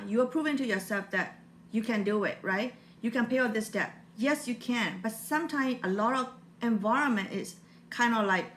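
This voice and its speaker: Burmese accent woman in her 40s, heartfelt motivational vlog, mid pitch, faint noise behind. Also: fairly bright tone. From Burma. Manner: earnest, heartfelt, non-native phrasing. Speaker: motivational vlogger. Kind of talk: personal motivational talk.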